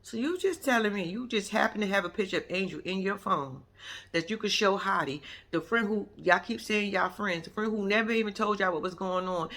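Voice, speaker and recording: A woman vlogger talks straight to her viewers in a blunt, profane rant. She keeps firing off rhetorical questions. Her voice sits at an ordinary middle pitch. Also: fairly quick. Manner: animated, addresses the audience directly. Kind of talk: reality show reaction commentary.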